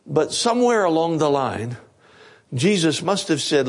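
A man with a high voice preaches a Sunday sermon. He retells the story in plain, lively words and often says a word twice as he gets going. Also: a little slow. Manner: storytelling preacher, repeats words when starting phrases. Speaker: pastor.

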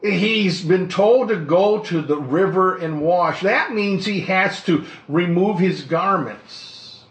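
A man's voice: sits high, a bit bright, reverberant. A male pastor preaching a sermon in a conversational way, often asking the congregation questions.

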